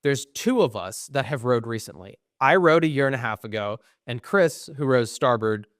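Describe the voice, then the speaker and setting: A man's voice: mid-range voice, moderate pace, no echo, clean studio sound. A young man co-hosting a podcast, telling a long story with lots of ums and acting out what people said. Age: young adult. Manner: animated storyteller, acts out quoted exchanges, frequent ums; swears when frustrated. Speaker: podcast co-host. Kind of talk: casual storytelling chat.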